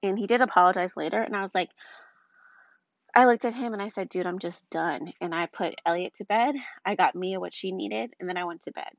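Her mid-range voice is gravelly and fairly quick as this young mother of two small children tells a frustrated story about her day for a casual storytelling vlog. She's chatty and exasperated, with frequent "like" and "um" fillers. The recording is dull, dry and lo-fi, lacking any room sound.

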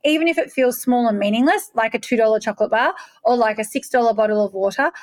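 A woman's voice: fairly high pitch, fast. A woman, a coach telling a personal story in a candid, emphatic way, swearing now and then.

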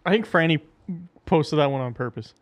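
Host, easygoing, chatty, mid pitch. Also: lively intonation, normal speed. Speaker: podcast host. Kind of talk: casual chat reacting to videos.

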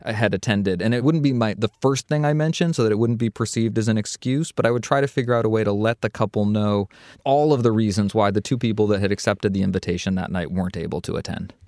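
A man's voice: lowish voice, quick pace, dry recording, clean studio sound. A man co-hosting a podcast, chatting casually about etiquette. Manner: lively, expressive intonation. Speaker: co-host.

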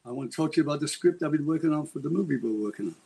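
A man imitating a brash male movie star who talks in a hurried mumble. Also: fairly high pitch, expressive, gravelly, mellow, a little hiss or hum.

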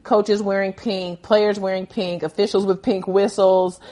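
A woman's voice: medium pitch, flat delivery, unhurried, warm tone. A woman hosting a podcast interview, who speaks encouragingly and turns to address fans directly. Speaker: podcast host.

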